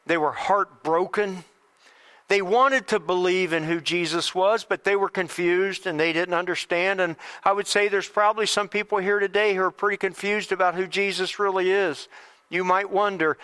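A man's voice: high-pitched, bright, forceful tone, clean tone. A man preaching an Easter sermon earnestly, repeating phrases and restarting lines as he encourages his listeners. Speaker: pastor.

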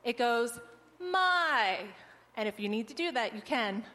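A woman's voice: a little high, fairly quick. A woman leading an audience through a group exercise, cheerful and teacherly, laughing often. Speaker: missionary presenter. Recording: long hall reverb.

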